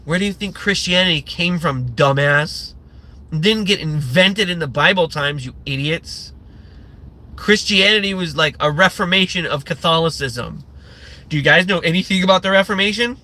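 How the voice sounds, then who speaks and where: A man ranting on his own livestream, sarcastic and heavy on swearing, who rambles with frequent fillers and false starts. His voice sits a little high for a man and has a very bright, sharp edge. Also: moderate pace. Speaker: livestream host. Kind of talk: profane livestream rant.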